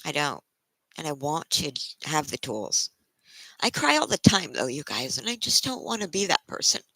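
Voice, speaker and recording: A tired woman livestreaming to her viewers, close to tears, speaking in halting, emotional bursts and restarting her sentences. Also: sits low, sing-song, bright, forceful tone, no echo, rough recording. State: tired from a sleepless night. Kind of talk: casual live-stream chat.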